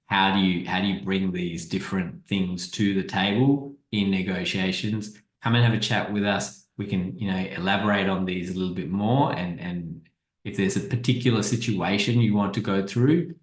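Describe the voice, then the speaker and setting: A man with a lowish voice talks through a slideshow presentation on marketing. He speaks in a casual, conversational way, often stumbling and repeating a word before he finds his phrasing. The sound has a roomy echo around it. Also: fairly even intonation, moderate pace.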